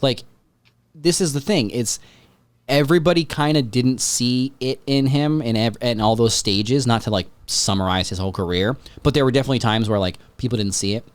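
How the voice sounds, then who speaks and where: A man hosting a podcast in casual chat, rambling and excitable, swearing freely. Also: mid-range voice, brisk, dry recording. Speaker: podcast host.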